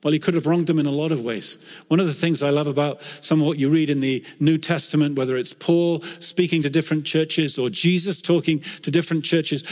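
Man preaching a sermon in a reverberant hall. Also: fairly high pitch. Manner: storytelling, earnest and animated in quoted scripture. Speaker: pastor.

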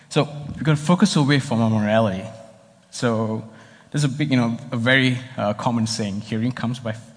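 A man's voice: medium pitch, moderate pace, long pauses. A man pastor preaching a sermon in a conversational, explanatory way, heard in a church hall. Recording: long reverb of a hall.

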